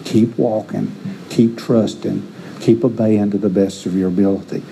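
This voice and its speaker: Earnest, dark-voiced preacher man. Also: lowish voice, steady tone, normal speed, creaky, slight background noise, poor audio. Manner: earnest, repeats words and restarts phrases. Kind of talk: sermon with personal stories.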